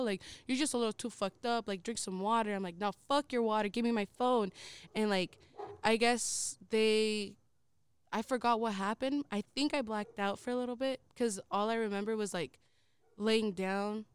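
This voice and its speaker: Young socal woman rambling a story, lots of likes and swearing, smooth clear voice, dry close mic. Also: medium pitch, moderate pace, dry recording. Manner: rambling, heavy use of filler "like", swears often. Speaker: co-host. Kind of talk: casual storytelling conversation.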